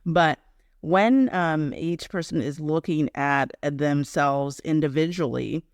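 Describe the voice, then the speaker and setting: Halting man with smooth voice. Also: fairly high pitch, dry recording, studio quality. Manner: halting, many fillers and restarts. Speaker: host. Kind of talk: interview questions.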